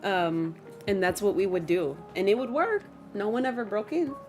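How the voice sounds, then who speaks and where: A woman's voice: medium pitch, animated, moderate pace, darkish tone. A young woman streaming from home, chatting casually and expressively with her viewers, dramatic about small things and dropping Spanish phrases into her talk. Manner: self-mocking, dramatic complaints. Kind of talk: casual livestream chat with viewers. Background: faint background music.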